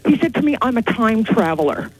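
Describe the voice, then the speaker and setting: A woman calling in to a radio talk show, retelling a strange encounter in an excited, rambling way. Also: on the high side, fairly quick, breathy edge, rough recording. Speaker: caller. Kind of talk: call-in radio storytelling.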